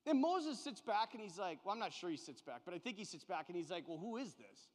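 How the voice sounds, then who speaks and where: Priest, male, animated Bible study teacher, conversational, reverberant church sound. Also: high-pitched, quick pace. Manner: lively and conversational, acts out little scenes. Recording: long hall reverb.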